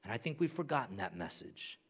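A young man preaching a sermon in a church, animated, swinging from hushed to loud and repeating phrases for emphasis. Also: mid-range voice, fairly quick. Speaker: pastor.

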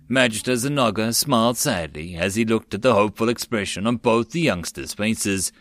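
A man's voice: lowish voice, moderate pace, few pauses, dry recording. Man reading an audiobook, dry and close. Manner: steady storytelling narration. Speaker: audiobook narrator. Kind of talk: fan audiobook reading of a web novel.

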